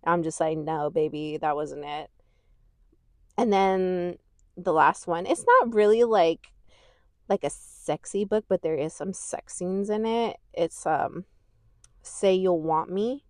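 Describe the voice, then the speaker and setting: A woman with a lowish voice hosts a casual podcast, chatting and rambling at a slow pace, swearing freely, laughing easily and gushing with animation. The sound is clean studio audio with no echo.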